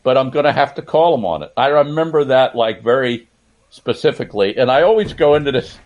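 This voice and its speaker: A man's voice: medium pitch, lively intonation, a little fast, darkish tone, muffled recording. An older man, a sportswriter guest on a podcast, telling stories in a casual interview and laughing as he goes.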